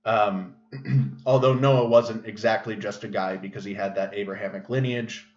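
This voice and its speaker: A man's voice: fairly low pitch, steady tone, moderate pace, a little mellow. A man hosting a casual livestream monologue, rambling with many fillers and restarts, recorded in an echoey room with a dull, lo-fi sound. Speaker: show host.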